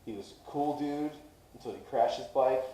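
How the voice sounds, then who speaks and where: A man's voice: medium pitch, moderate pace. A man telling a long story on a casual podcast, swearing a lot and acting out the people in it. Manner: profane, animated storyteller doing voices. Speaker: podcast co-host. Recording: echoey room, off-mic.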